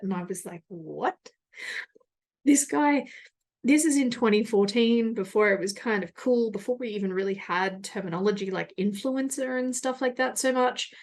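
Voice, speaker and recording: Aussie woman rambling on her own podcast, laughs at herself a lot, mid pitch. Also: darkish tone. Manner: rambling, laughs often, self-deprecating. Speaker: podcast host. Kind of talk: candid solo podcast monologue.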